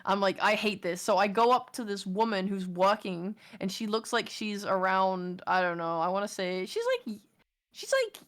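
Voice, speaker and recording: A young woman tells a long story in a loose, chatty way. She is animated, swears freely and breaks into laughter often. Her voice sits at an ordinary middle pitch. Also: normal speed. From England. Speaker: streamer. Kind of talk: casual storytelling chat.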